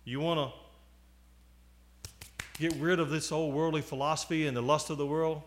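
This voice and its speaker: A man in his forties preaching a sermon, moving from loud appeals to quiet asides. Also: on the high side, fairly even intonation, moderate pace, a little hiss or hum. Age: 40s.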